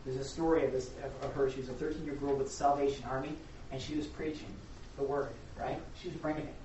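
A woman pastor preaching a sermon in a rambling, chatty way, with sudden loud emphasis. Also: very deep voice, steady tone, fast talker, slight background noise. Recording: echoey hall, distant dull mic.

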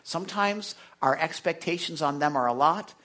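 A man preaching a conversational sermon as pastor, stumbling over repeated words and swinging between hushed whispers and loud bursts. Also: on the high side, moderate pace.

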